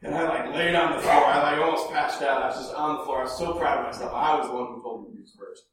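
A man telling a first-person dramatic monologue in an animated way, dropping to hushed murmurs and rising to loud bursts. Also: on the high side, fast, a little hiss or hum. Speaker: storyteller. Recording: echoey room from a distance.

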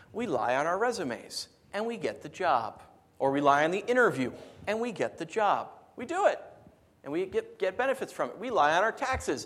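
A middle-aged married man preaching a sermon, animated and rhetorical with a humorous streak. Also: fairly high pitch. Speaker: pastor.

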